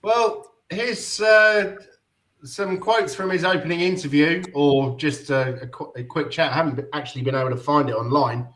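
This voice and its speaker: Host guy, bright tense voice, joking around about football. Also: a little high, normal speed, echoey room. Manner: jokey, reads quotes aloud. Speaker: show host. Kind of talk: casual football chat.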